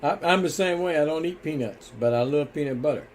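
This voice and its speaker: A man's voice: a little high, brisk. Easygoing laughing man co-hosting. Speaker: co-host. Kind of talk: casual live stream chat.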